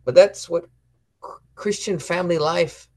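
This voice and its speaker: A man's voice: high voice, fairly even intonation, measured pace. A man talking casually about faith and family, telling stories and reading passages aloud. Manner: storytelling, acts out quoted voices; reads catechism passages aloud. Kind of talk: casual religious chat.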